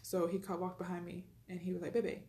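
A woman tells a personal story at a fast clip. She sounds chatty, retells conversations and fills her speech with "like" and "you know." Her voice is mellow and sits a little low, and it echoes in the room. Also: monotone. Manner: chatty, retells dialogue, frequent fillers.

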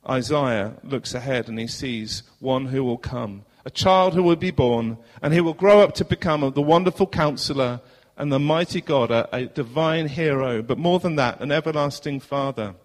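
A man with a southern English accent preaching a sermon as pastor in a church, earnest, asking rhetorical questions and moving between loud and hushed passages. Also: medium pitch, normal speed, few pauses. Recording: long hall reverb.

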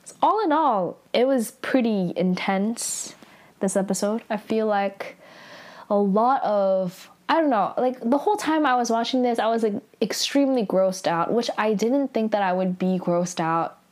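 A young woman recaps a drama episode in a loose, chatty way, with "like" scattered through her lines. She breaks off for quick, reactive asides in a mid-range voice. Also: medium pitch, expressive, a little mellow.

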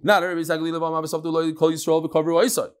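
A man teaching a text class who reads passages aloud, then explains them in relaxed talk and tells stories. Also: a little high, very fast, clear, resonant tone. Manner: storytelling, acts out quoted voices. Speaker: Talmud teacher. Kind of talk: Talmud class lecture.

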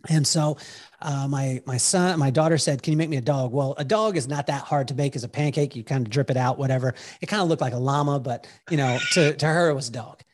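A man telling animated stories as a podcast guest, acting out what people said and breaking into song, with halting restarts when he explains a point. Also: medium pitch, slight background noise. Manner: lively storyteller who acts out quotes and sings bits. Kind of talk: animated storytelling in conversation.

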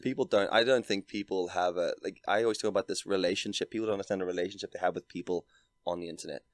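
A Northern Irish man in his thirties talks fast and casually, his voice very low. He tells stories in a dry, deadpan way, full of "like". The sound is close and dry, with no room echo. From Northern Ireland. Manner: dry, deadpan storytelling with lots of "like". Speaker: podcast guest, content creator. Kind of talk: casual chat.

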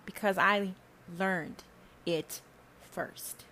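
A woman podcast host delivering a heavily profane, preachy spiritual rant that swings between loud emphasis and low asides. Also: extremely slow.

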